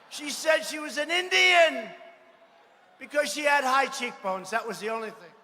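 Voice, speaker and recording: A man giving a rally speech, boastful and mocking, repeating himself and bursting into shouts. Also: very high voice, expressive, moderate pace. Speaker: political speaker at a rally. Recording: echoey hall with faint ambience.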